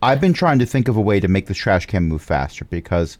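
A man playing a tabletop game, explaining his plans in a deliberate, wry way. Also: lowish voice, lively intonation, darkish tone, dry recording. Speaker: player.

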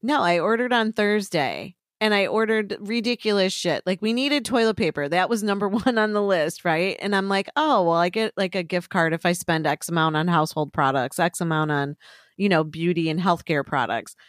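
Lady podcast cohost, lowish voice, cusses a lot, laughs, dry close sound. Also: normal speed, no echo. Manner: profane, laughs often, animated storytelling. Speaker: podcast co-host. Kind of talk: casual chat.

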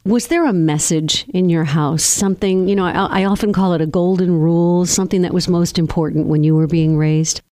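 Woman interviewer, gentle empathetic questions, lowish voice, dry close mic. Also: steady tone, a little fast, few pauses, dry recording. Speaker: interviewer, podcast host. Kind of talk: interview conversation.

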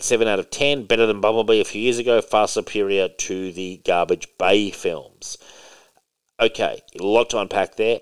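A man co-hosting a casual podcast about comics and movies, rambling and emphatic, swearing now and then. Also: lowish voice. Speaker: podcast co-host.

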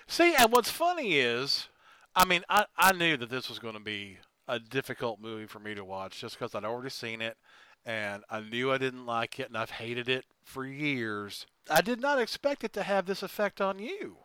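A man's voice: medium pitch, normal speed, clear, resonant tone, dry recording, low-quality recording. A man co-hosting a casual movie chat, sarcastic and crude, telling the plot with jokes. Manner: animated, sarcastic, crude humor. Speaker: podcast co-host. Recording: dry close sound.

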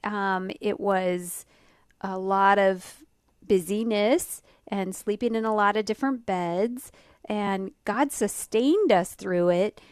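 A woman co-hosting a radio talk show, speaking reflectively with pauses and ums. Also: mid-range voice, clear, resonant tone, no echo, clean studio sound.

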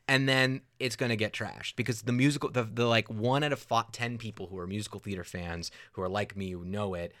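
A young adult man co-hosting a podcast, chatting casually in an animated, rambling and sarcastic way. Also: on the low side, brisk, hardly any pauses. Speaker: podcast co-host. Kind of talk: casual chat.

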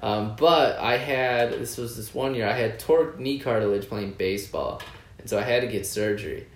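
A man's voice: mid-range voice, moderate pace, a little hiss or hum. A man, a band member guest, rambling through a story in casual chat with lots of "like" and "um". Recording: roomy echo.

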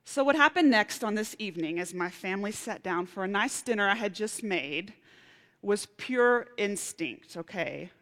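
A woman preaching a sermon, telling a personal story with lively, animated outbursts. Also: medium pitch, normal speed. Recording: reverberant hall.

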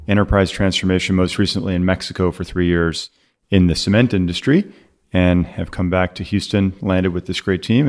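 A man, a podcast guest, introducing himself and smoothly running through a list of his business credentials. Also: deep voice. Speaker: guest, account partner.

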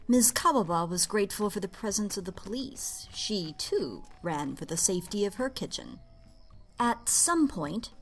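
A woman narrating a story in an expressive, playful reading. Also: mid-range voice.

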